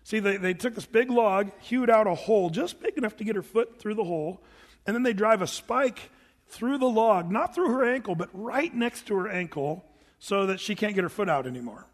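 A man preaching a sermon as a pastor, telling stories in an animated way with asides and self-corrections. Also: sits high, normal speed. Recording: long hall reverb.

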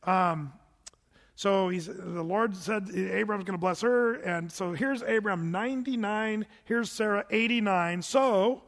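High-voiced preacher in a reverberant hall. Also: male voice, unhurried, creaky, fairly bright tone. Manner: conversational, joking asides with chuckles. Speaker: pastor. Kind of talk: sermon, verse-by-verse Bible teaching.

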